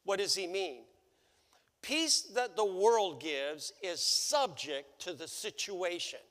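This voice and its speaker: A male pastor with a strikingly high, bright voice preaches slowly and deliberately, leaning on rhetorical questions. His words ring out with the long reverb of a church hall. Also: animated. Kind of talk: sermon. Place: church sanctuary.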